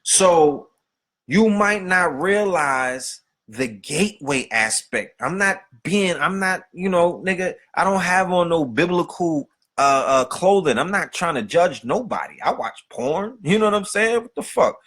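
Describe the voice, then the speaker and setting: A man's voice: sits high, animated, measured pace, a bit bright. A man hosting a podcast, delivering a profane, streetwise rant full of rhetorical questions. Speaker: podcast host. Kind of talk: unscripted monologue.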